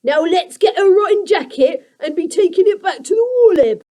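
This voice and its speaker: A woman voicing a bossy male creaker creature, the gruff leader of a monster pack, with a loud hissing growl. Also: extremely high pitch, animated, moderate pace, voice pushed up. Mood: scheming.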